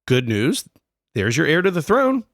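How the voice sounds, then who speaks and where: Young male podcast co-host with a slightly high voice, dry close sound, swearing and joking as he tells the story. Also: huge pitch swings, moderate pace, fairly bright tone, no echo. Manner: profane, jokey, puts on silly voices. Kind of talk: comedic history podcast storytelling.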